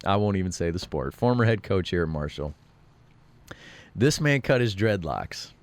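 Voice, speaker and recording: A man co-hosting a radio show spins rambling anecdotes in casual conversation, acting out other people's lines and clearing his throat. His voice is low and animated, at a normal speed, in a radio studio.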